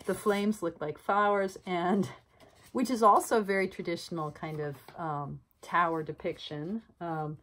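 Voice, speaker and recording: Low-voiced woman musing on tarot. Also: steady tone, measured pace, a bit bright, rough recording. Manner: musing, chatty, many fillers. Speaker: tarot channel host. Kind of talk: casual talk to camera.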